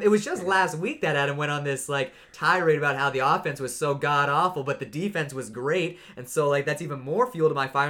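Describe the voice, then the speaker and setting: A man co-hosting a casual sports podcast, ranting with sudden jumps in excitement. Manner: animated ranting, pitch jumps when worked up. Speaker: podcast co-host.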